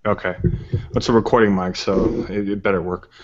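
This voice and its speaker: A man as a guest on a video call, relaxed and explanatory with a sarcastic streak. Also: low voice, fairly quick. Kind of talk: casual chat on a video call. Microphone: dynamic recording microphone. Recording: dull lo-fi video call audio.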